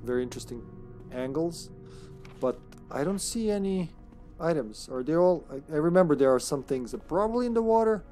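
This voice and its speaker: A game streamer giving chatty live commentary on a horror game, excitable and swearing when startled. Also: medium pitch, a little fast, faint music behind.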